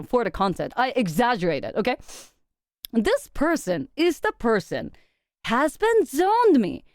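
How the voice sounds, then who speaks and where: A young woman streaming to her viewers, chatting casually and animatedly, laughing often, swearing for effect, and dropping in quick Japanese phrases. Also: a little high, darkish tone, dry recording, studio quality.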